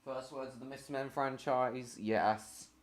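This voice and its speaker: A man chats on his own live stream with a middle-pitched voice. He rambles, restarts sentences and gets easily distracted. The talk is loose and unscripted. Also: fairly even intonation, a little slow. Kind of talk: casual live stream chat.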